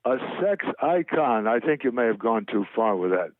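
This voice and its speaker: A man's voice: mid-range voice, very animated, normal speed, dry recording. An older man, a veteran actor and guest, telling rambling, self-deprecating anecdotes with chuckles in a casual interview. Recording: phone-like dry remote line.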